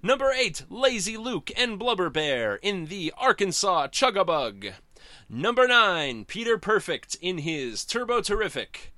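A booming cartoon race announcer barks out the lineup in a high, showy roll call, as a man puts him on. The tone is bright and forceful. The sound is close and dry. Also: big pitch swings, measured pace, dry recording, heavily acted. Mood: announcing.

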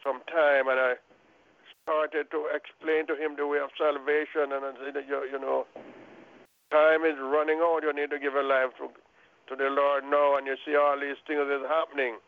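A man from Jamaica with a Jamaican accent, telling a testimony on a prayer call line in an earnest, halting way with many restarts. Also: fairly high pitch, level tone. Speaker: caller sharing a testimony. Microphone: telephone. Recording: phone line.

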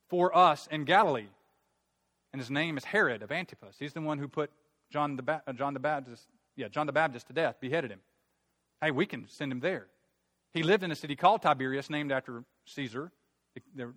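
A man preaching a sermon, retelling a Bible story in a conversational, animated way. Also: medium pitch.

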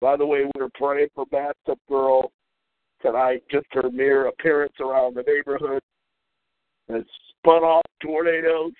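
A man's voice: medium pitch, level tone, a little slow, no room sound. A man hosting a call-in radio show, delivering an angry, profane, mocking rant. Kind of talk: ranting call-in radio monologue. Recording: tinny phone-like audio.

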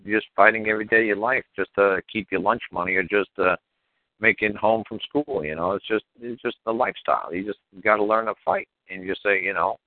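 A low-voiced man rattles along quickly, blunt and profane, leaning on "you know". His voice is dry and tinny, like a phone line. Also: no echo. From New York. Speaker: podcast guest. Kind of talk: casual storytelling.

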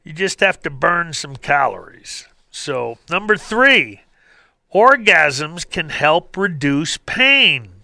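High bright-voiced man hosting health radio. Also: slow pace, gravelly, no echo. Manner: animated, jokey, acts out voices. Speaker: radio show host. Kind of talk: health talk radio monologue.

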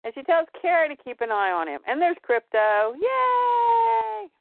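A woman in casual podcast chat, summing up a comic with a lively, swooping voice that sits a little high. The sound is thin and phone-like, with no room echo at all. She slips in quick character voices as she goes. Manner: animated, acts out lines of characters in quick voices. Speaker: comic book podcast co-host. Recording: tinny phone-like dry sound.

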